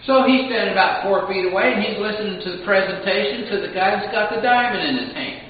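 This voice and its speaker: A man's voice: high voice, fast talker. A man giving a live sales training seminar, telling stories with energy and acting out customers' lines. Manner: animated storyteller, acts out customers' lines. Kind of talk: live seminar talk to a class. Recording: dull, echoey hall from far off.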